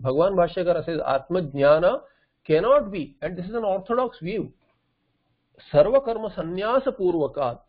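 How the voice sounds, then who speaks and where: A man with a high voice gives a scripture lecture, putting questions to himself and answering them. The recording is dull and lo-fi. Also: husky. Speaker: Vedanta teacher.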